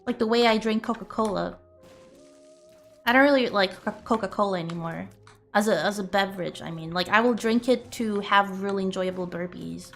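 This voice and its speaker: A woman's voice: mid-range voice, brisk, vocal fry, a bit bright, faint music behind. A woman streamer chatting casually and playfully with her viewers, rambling and joking crudely.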